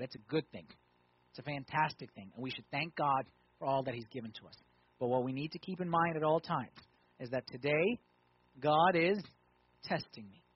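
Husky-voiced preacher with twang. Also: male voice, fairly high pitch, no echo, muffled recording. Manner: conversational preaching, rhetorical questions, swings from loud emphasis to quiet. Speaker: pastor. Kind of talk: sermon.

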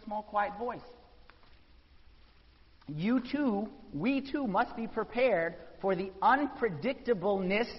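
A man preaching a sermon, telling the story with animated voices for the people in it. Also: sits high. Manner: animated storytelling, acting out quotes. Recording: dull sound in a reverberant hall.

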